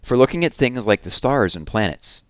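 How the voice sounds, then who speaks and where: A man voicing a kindly adult stargazer in a storybook, patient and gently amused as he explains. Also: mid-range voice, animated, normal speed, clean tone, no echo, studio quality, natural voice. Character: kindly grown man with a telescope.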